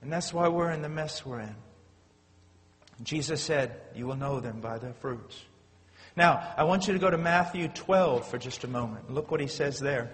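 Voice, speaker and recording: A man preaching a sermon, swinging between loud urgent outbursts and quiet, low storytelling. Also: moderate pace, long reverb tail.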